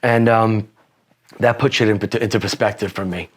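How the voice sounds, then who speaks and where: Guy with a lowish voice rambling thru his story, cursing nonstop, lots of "you know". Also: steady tone, moderate pace. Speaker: podcast guest. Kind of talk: casual storytelling.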